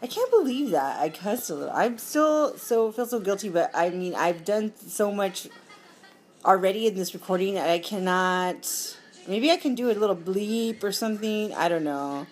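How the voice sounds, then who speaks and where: A woman chatting casually as she plays a mobile game, giggly and quick to apologize. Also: mid-range voice, lively intonation. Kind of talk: casual gameplay commentary.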